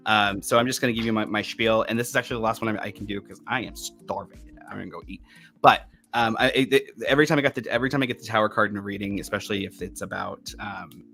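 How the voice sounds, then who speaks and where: A man's voice: fairly low pitch, steady tone, fast talker, vocal fry, bright, forceful tone, faint music behind. Male medium on a casual podcast, rambles through a tarot story. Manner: rambling, with many restarts and fillers. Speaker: medium giving a tarot reading.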